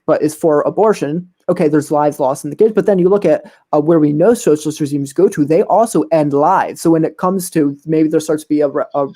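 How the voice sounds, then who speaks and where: Male debater, mellow and dark, earnest and hesitant. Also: a little high. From United States. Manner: earnest, hesitant, searching for words. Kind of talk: online debate, answering questions.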